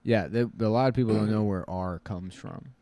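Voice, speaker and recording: A man's voice: lowish voice, normal speed, dark tone, no room sound. A man co-hosting a podcast, rambling through crude comic riffs in casual banter. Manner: rambling, crude, jokey, puts on silly voices. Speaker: podcast co-host.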